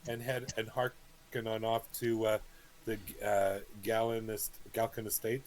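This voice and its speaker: A man's voice: lowish voice, flat delivery, measured pace. Dry-joking man at a tabletop game. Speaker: player. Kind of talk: casual tabletop play.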